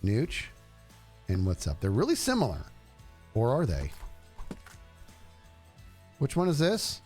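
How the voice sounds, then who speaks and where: A man streaming a game and chatting casually, animated and jokey, talking to himself as he plays. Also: mid-range voice, takes it slowly, faint music behind. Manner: animated, jokey, talks to himself while playing. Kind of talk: casual gameplay commentary.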